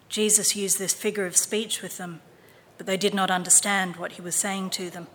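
A woman reading scripture and a picture book aloud in a clear, measured manner. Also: mid-range voice, little pitch movement, a bit bright, big-room sound. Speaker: reader.

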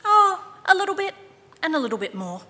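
Woman reading cheerful village mother: sing-song, raised and bright, echoing hall. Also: extremely high pitch, sing-song, a little fast, voice pushed up, exaggerated voice. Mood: playful.

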